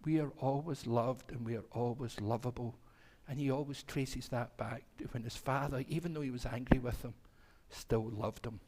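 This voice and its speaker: A man's voice: medium pitch, fairly even intonation, normal speed, few pauses, darkish tone, slight background noise. A male minister telling a story to the children at a church service, acting out the voices and asking them questions. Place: congregation hall.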